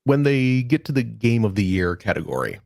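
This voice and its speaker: A man's voice: mid-range voice, big pitch swings, moderate pace, creaky, a little mellow, dry recording, clean studio sound. A man co-hosting a podcast in casual chat, playful and teasing. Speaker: podcast co-host.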